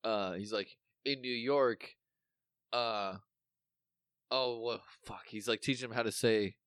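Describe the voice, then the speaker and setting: A man's voice: medium pitch, takes it slowly, fairly bright tone, clear, resonant tone, no echo, clean studio sound. A man co-hosting a podcast in casual chat, rambling through memories, swearing freely and losing his thread. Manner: rambling, swears often, trails off mid-thought. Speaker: podcast co-host.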